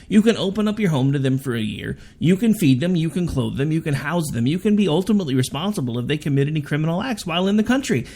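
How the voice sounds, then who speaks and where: Sarcastic radio cohost guy, kinda high pitched, argues his point hard. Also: creaky, darkish tone. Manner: sarcastic, argumentative. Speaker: radio show co-host. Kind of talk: opinionated political talk radio. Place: radio studio.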